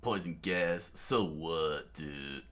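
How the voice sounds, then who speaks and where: A man's voice: a bass voice, extremely slow, fairly bright tone, exaggerated voice. Luffy, a man doing a laid-back cocky young pirate. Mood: carefree. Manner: laid-back, says "dude" constantly.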